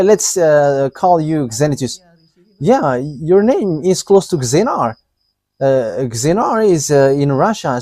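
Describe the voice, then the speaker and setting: Slow, lively-pitched halting male preacher. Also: no room sound. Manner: halting, with frequent pauses and fillers; chuckles between statements. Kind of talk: live sermon.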